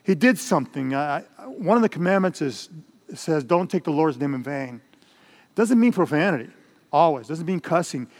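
A man's voice: on the high side, animated, moderate pace, a little mellow. An older man preaching a sermon as pastor, in a conversational style with Spanish asides. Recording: long hall reverb.

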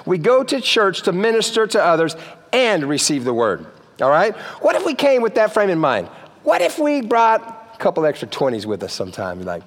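A man's voice: sits high, wildly swooping pitch, normal speed, long reverb tail. A man preaching a sermon in a church, playful and joking, often checking in with the crowd. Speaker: pastor. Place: church sanctuary.

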